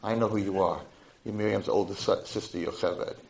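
A man voicing a stern, dismissive school principal in a story, speaking curtly and low. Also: steady tone, brisk, vocal fry, a little mellow, a little hiss or hum, poor audio.

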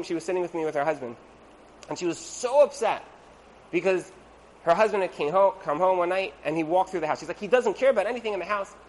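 A man giving a storytelling talk to an audience as a religious teacher, conversational and animated, acting out the people in his stories. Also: sits high, a little hiss or hum, low-quality recording. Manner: conversational, with frequent "like" and asides.

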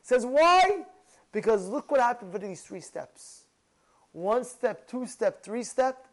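Rabbi, male, very high voice; animated, emphatic preacher who keeps asking his congregation questions, non-native English phrasing. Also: a little slow, poor audio. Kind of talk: sermon to a congregation.

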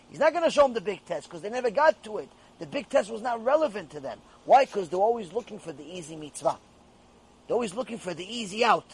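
A male rabbi teaches Torah with emphatic repetition, driving each point home several times. His voice sits high and carries a husky edge. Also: very animated, fast, poor audio. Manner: emphatic, repeats key phrases. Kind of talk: Torah lecture.

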